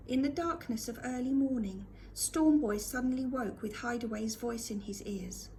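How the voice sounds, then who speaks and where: A woman reading a storybook aloud to a school class with expressive delivery. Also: fairly high pitch, moderate pace, few pauses, a little hiss or hum.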